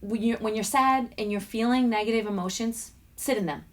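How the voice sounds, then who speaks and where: A woman guest on a talk show, animated as she tells a personal story and acts out quotes in a studio. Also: on the high side, fairly quick. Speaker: guest speaker. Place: community TV studio.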